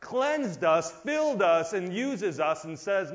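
Male preacher, high register, lively sermon delivery, dull lo-fi recording. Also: takes it slowly, hardly any pauses. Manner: animated, acts out voices, rises and drops in volume. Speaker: pastor. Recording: dull lo-fi sound.

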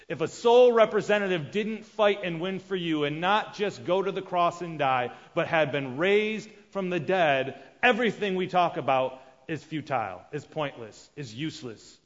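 A man preaching a sermon, shifting between loud emphatic lines and hushed asides as he acts out the people in his story. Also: a little high. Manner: acts out quoted characters with sudden loud and hushed voices. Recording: dull sound with long reverb of a large hall.

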